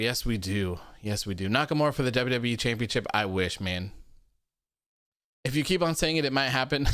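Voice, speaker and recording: A man with a smooth, clear voice at a middle pitch hosts a relaxed show, reading out viewer comments. He repeats himself and laughs often, and his voice sounds dry and close. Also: normal speed, pauses often, dry recording. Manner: loose, repetitive, laughs often. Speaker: podcast host.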